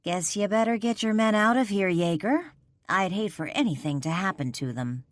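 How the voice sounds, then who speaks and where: A woman narrator voicing a fierce, sharp-tongued winged warrior woman, cutting and threatening, quick to anger. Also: mid-range voice, lively intonation, dry recording, studio quality, pitched above the performer's own voice, natural voice. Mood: smug.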